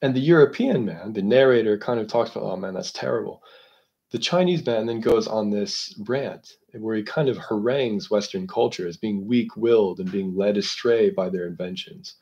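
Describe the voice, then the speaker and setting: Low-voiced man explaining a novel. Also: warm tone, lo-fi sound. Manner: measured, explanatory, thinking aloud. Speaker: literature discussion host. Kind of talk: analytical book lecture.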